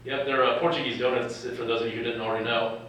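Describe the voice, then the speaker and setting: A man's voice: medium pitch, fairly even intonation, quick pace, fairly bright tone. A young man from California, a doctor speaking to medical students at a live event, joking and chuckling often, recorded from far off in a lecture hall. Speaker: physician and medical educator.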